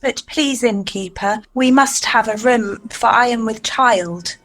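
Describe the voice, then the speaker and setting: A woman's voice: fairly high pitch, unhurried, fairly bright tone. A woman playing a nervous young woman stiltedly reading lines at a nativity audition in a radio sitcom. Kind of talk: comedy radio sitcom acting.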